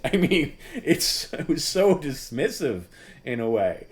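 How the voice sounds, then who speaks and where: A man hosting a casual livestream chat, rambling and halting with many restarts and fillers, and he laughs at his own story. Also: lively intonation. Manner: voice jumps high and loud when mimicking others. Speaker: host.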